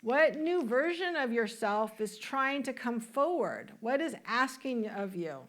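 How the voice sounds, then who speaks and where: A woman's voice: a little high, animated, measured pace. Woman minister preaching a conversational sermon. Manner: warm conversational preaching with questions and laughs. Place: church sanctuary.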